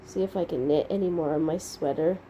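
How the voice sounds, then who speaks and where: A middle-aged woman talking to her viewers in a casual, rambling diary-style vlog, unhurried and thankful. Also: sits low, mellow, slight background noise, low-quality recording. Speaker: vlogger.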